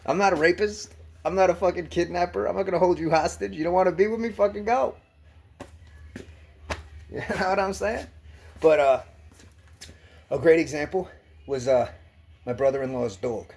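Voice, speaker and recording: Profane husky-voiced man ranting. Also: mid-range voice. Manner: profane, blunt, animated. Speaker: vlogger. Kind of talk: casual rant to camera. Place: gym locker room.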